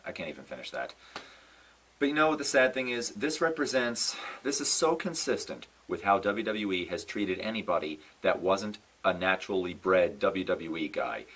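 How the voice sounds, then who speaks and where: A man's voice: fairly low pitch, husky, recorded from a distance, rough recording. A young man giving a casual, exasperated rant to camera, sighing, repeating himself and stressing his letdown. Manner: exasperated, animated ranting with sighs and repeated "no"s. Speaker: wrestling fan vlogger. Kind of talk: casual ranting commentary.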